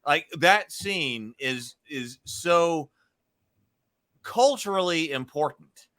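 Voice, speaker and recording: Guest: man in his forties, slightly high, bright voice, eager and laughing. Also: expressive, slow. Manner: enthusiastic, repeats himself, laughs often. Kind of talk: casual film discussion.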